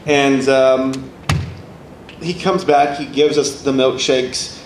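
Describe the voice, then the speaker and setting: A man's voice: medium pitch, slow pace. A young man telling a story at a convention podcast panel, acting out the people in it. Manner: animated, acts out the people in his story. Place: convention panel room with a live audience. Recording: echoey hall with audience noise.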